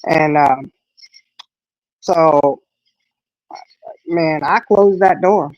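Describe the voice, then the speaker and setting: Woman, middle-aged, animated storyteller, dry dull sound. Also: low voice, very slow, no room sound. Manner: animated storyteller, acts out quotes. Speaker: host. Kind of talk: casual chat.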